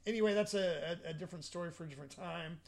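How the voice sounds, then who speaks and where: A man's voice: a little high, rapid-fire, gravelly, darkish tone. A man co-hosting a movie podcast in casual chat. He is chatty, laughs easily and lets sentences trail off. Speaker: podcast co-host.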